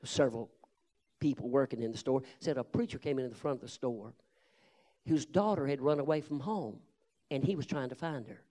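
A male preacher telling a story in a sermon, shifting from hushed murmurs to loud, fervent shouts. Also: medium pitch, a little fast.

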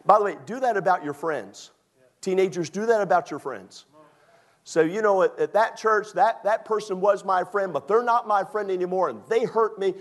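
A man from Maryland preaching from the pulpit. His fairly high voice stays loose and conversational, full of jokes, then swells with emphasis when he presses a point. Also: normal speed. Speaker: pastor. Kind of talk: sermon.

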